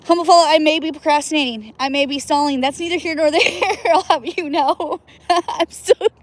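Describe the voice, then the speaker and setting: A woman's voice: high-pitched, moderate pace. A woman casually chatting on a livestream from outdoors by cold water, playful and laughing often, whooping now and then. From US Northwest. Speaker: livestream host.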